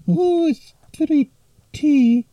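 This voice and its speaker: A man doing a slow northern pet fish. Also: very high-pitched, no echo, pitched above the performer's own voice. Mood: silly. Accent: northern English, put on. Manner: slow, silly, deadpan replies. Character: chatty male pet angelfish in a mug. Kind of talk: comic pet role-play.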